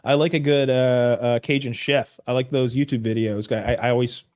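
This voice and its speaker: A man's voice: mid-range voice, fairly even intonation, normal speed, a little mellow, no echo. A man in his forties from northeast Georgia co-hosts a podcast in easy, rambling chat. He is blunt and profane, and his mid-range voice sits in a dry, close sound with no room around it. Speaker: podcast co-host.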